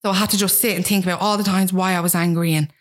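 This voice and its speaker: A woman's voice: on the low side, steady tone. A young woman with a Dublin Irish accent, telling her own story as a guest in a candid, self-mocking way and acting out what people said. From Ireland. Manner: rapid, frank, self-mocking, acts out quotes.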